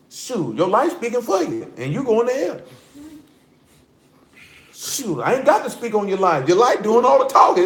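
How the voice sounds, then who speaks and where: A man preaching a sermon in a blunt, animated street style, mixing scripture reading with slang. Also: high-pitched. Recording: echoey room.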